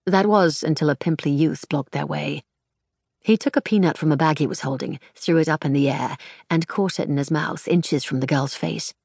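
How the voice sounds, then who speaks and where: Brief: audiobook narrator, woman with a deep voice, even and measured. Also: creaky, slightly rough, no room sound, clean studio sound. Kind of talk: scripted narration.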